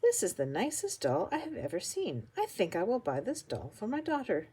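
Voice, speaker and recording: A woman's voice: mid-range voice, huge pitch swings, moderate pace, mellow, slightly rough, exaggerated voice. Grandma doing a delighted lady shopper.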